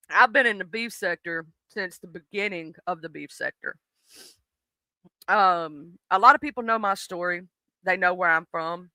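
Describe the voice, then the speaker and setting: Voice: medium pitch, no room sound, low-quality recording. A streamer in their late thirties, chatting casually and animatedly with a live audience, swearing freely. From southern United States. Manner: animated, profane, talks straight to the chat.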